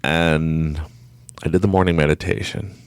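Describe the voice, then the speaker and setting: A man telling a story in a casual, animated way, laughing often and acting out his own thoughts in different voices. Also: very deep voice, normal speed, clear, resonant tone, dry recording, studio quality. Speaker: podcast guest.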